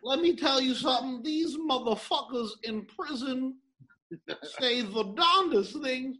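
A man co-hosting a comedy podcast, loudly bursting into shouted impressions and boisterous banter. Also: very high-pitched, measured pace, rough recording. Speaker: podcast co-host.

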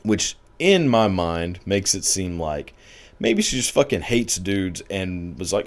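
Brief: very low-pitched man, rambling, crude, filler-heavy casual commentary. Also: sing-song, slow.

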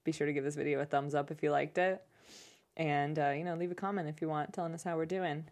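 A woman hosting a casual entertainment talk show, playful and quick to quote film lines in put-on voices. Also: deep voice, flat delivery, a little mellow. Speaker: host. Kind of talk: casual chat.

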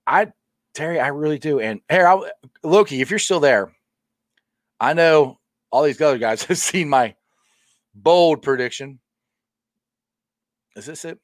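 A man's voice: on the high side, unhurried, long pauses, no echo, studio quality. A man hosting a casual sports talk livestream, talking passionately with lots of restarts and reading viewer comments. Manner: passionate, animated, many restarts.

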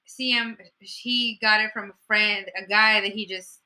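A woman co-hosting a casual live stream, chatty and quick to laugh. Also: medium pitch, steady tone, sharp tone. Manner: giggly, chatty, laughs often. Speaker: co-host of a live movie chat stream.

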